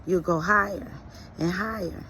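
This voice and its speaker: A middle-aged woman giving an earnest, preachy monologue about life lessons, speaking slowly and deliberately. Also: fairly low pitch, bright, forceful tone, slight background noise, poor audio. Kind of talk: reflective motivational monologue.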